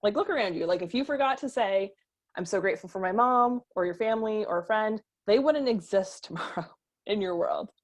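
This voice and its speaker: A woman's voice: medium pitch, lively intonation, brisk, a little mellow. A young adult woman coaches her students through a casual online lesson in a mid-range voice. She talks in a loose, chatty way, peppered with "like" and the odd casual swear. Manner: chatty, filler-heavy with frequent "like", casual swearing. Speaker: business coach.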